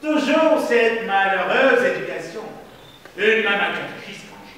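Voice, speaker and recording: A haughty penitent who wants the biggest sin, played by a man on stage. His bright, high voice swings widely as he speaks with mannered pride. The stage recording is distant, with long reverb and a noisy hall. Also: animated, moderate pace. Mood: evasive. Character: proud stubborn man confessing a future sin. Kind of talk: amateur stage play. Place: theater stage. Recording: echoey hall from far off, noisy.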